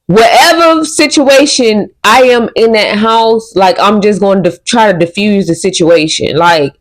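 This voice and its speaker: A woman breaks in as a reaction host with opinionated, exasperated commentary on the clip. Her voice sits at a middle pitch and she speaks in a plain, conversational way. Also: unhurried, poor audio.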